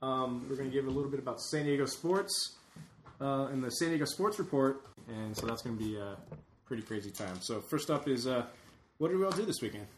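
A man's voice: mid-range voice, animated, fairly quick, slight background noise. A man hosting a casual podcast, joking and laughing as he reads the team intros. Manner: laughs often, jokey. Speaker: podcast host. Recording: echoey room.

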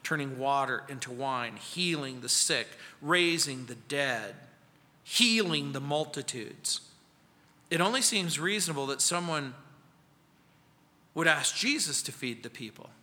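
A man preaching verse by verse in a church, his voice high and bright against a long, ringing sanctuary reverb. He speaks slowly and deliberately, slipping into quoted voices and falling to a hush for his key points. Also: expressive. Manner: acts out quoted voices, drops to soft quiet lines. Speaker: pastor. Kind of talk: expository sermon.

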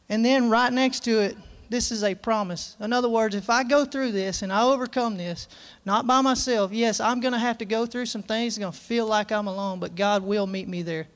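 A man preaches to his congregation in a high, clear voice. His delivery is earnest and folksy, full of restarts and plain country talk as he reads scripture and speaks from the heart. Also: steady tone, normal speed. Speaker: pastor. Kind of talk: sermon. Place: church.

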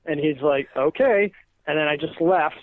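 A man in his thirties, a stand-up comedian, telling stories in casual podcast chat, animated and profane, often laughing at his own jokes. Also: on the high side, fairly quick. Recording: muffled lo-fi podcast recording.

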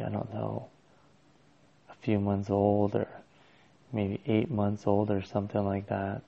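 Gravelly low-voiced man, hesitant storyteller. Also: mellow, dull audio. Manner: hesitant and rambling, with many restarts. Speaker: father telling a personal story. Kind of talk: casual personal storytelling.

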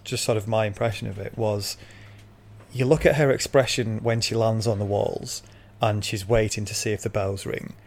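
A man's voice: lowish voice, steady tone, moderate pace, creaky, a little mellow. A man in casual discussion, earnestly laying out his view at length.

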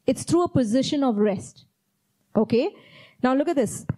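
A woman's voice: sits high, expressive, normal speed, dark tone, rough recording. A woman preaching a sermon, reading Bible verses aloud and repeating key phrases with earnest emphasis. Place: church.

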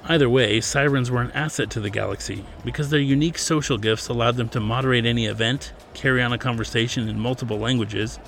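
A man reads his own novel aloud in a steady, scripted storytelling manner. His mid-pitched voice carries a gravelly texture. Soft music plays faintly underneath. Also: fast, hardly any pauses. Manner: steady storytelling, plays character lines lightly. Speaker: author and podcast narrator. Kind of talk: scripted audiobook narration.

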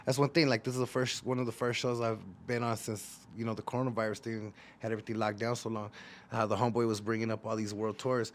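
A man with a West Coast accent, a rapper talking fast and profanely in a casual interview, telling animated stories. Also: on the low side, slight background noise. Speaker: rapper guest.

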